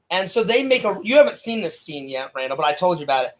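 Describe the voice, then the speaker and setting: A man co-hosting a casual film review chat, excitable and loud, acting out lines as he retells scenes, on a home mic in a small room. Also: high-pitched, fairly quick. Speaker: co-host reviewing films.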